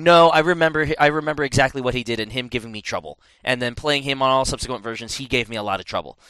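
A man chats about video games in a bright, crisp voice that jumps up with excitement. He swears freely and tosses in quick asides. The sound is close and dry. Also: medium pitch, no room sound, low-quality recording. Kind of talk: casual gaming chat.

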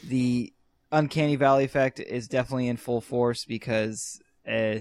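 A man's voice: mid-range voice, steady tone, moderate pace, darkish tone, no echo. A young man co-hosting a casual podcast chat, rambling and hesitant with many fillers. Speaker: podcast co-host.

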